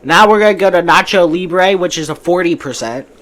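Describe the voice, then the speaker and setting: A man's voice: high-pitched, a little fast, a bit bright. A man hosting a casual movie podcast, giving breezy opinions and often restarting his sentences. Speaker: podcast host.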